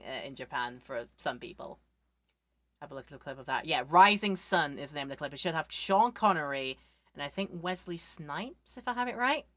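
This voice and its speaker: Woman streamer, low voice, casual game commentary, rambling jokes, dry close sound. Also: fairly bright tone, no echo. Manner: rambling, joking, quick asides.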